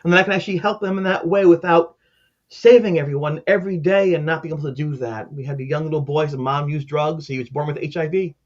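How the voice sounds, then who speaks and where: A man's voice: fairly high pitch, quick pace. A man around sixty, a former caseworker and teacher, telling personal stories in an earnest, heartfelt way during an interview. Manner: earnest, heartfelt, acts out the people in his stories. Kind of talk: emotional personal storytelling. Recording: dull lo-fi sound.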